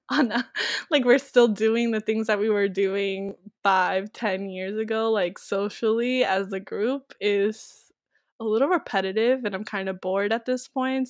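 A woman's voice: medium pitch, no echo. A young woman co-hosting a casual discussion, talking emphatically with lots of "like" fillers. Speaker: co-host.

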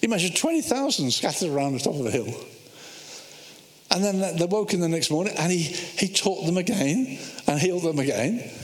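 A man preaching a sermon, telling Bible stories with energy and acting out the voices of the people in them. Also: on the high side. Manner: animated storytelling, acting out biblical voices. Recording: echoey hall.

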